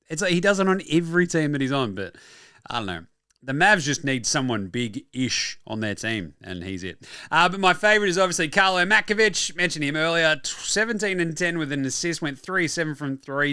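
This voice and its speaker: An Australian man hosting a basketball show, talking casually and excitedly with frequent swearing and quick asides. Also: a little high, smooth, no room sound, clean studio sound. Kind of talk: casual sports talk.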